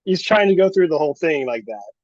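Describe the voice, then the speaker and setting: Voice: mid-range voice, lively intonation, fast, highs cut off, crowd noise. A tabletop game player chatting eagerly about their character. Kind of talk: tabletop game play, casual chat.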